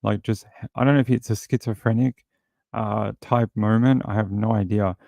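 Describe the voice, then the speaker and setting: A man's voice: on the low side, steady tone, normal speed, gravelly, warm tone, dry recording. A man hosting a true crime show, commenting casually and wryly on news clips and mimicking the people in them. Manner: rambling, wry, mimics people in silly voices.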